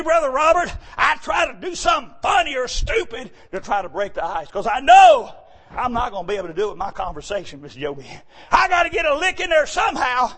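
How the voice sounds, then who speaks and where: Man preaching folksy jokes from the pulpit, animated, breaks into shouts, high-pitched. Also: slightly rough. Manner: animated, often shouting, joking. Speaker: church speaker. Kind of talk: folksy joking sermon.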